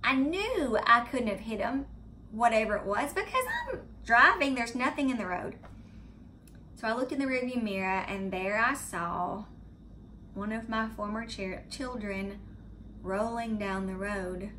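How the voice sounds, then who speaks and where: A middle-aged woman with a Southern US accent telling a story to her viewers in a chatty, animated way. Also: on the high side, unhurried, slight background noise. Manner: chatty, animated retelling of a scary event. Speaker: vlogger. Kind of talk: casual storytelling to camera. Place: home, indoors.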